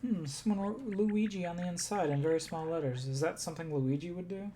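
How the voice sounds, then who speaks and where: A woman's voice: lowish voice, a little fast, warm tone, slight background noise, natural voice. A woman voicing a cheerful, earnest female game companion as she reads dialogue aloud on stream.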